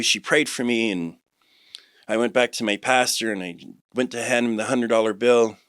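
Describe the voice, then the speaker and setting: A man in his forties telling his life testimony on a podcast, rambling with many restarts and turning animated when he quotes others. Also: medium pitch, normal speed, clean tone, no echo, clean studio sound. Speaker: guest sharing a testimony.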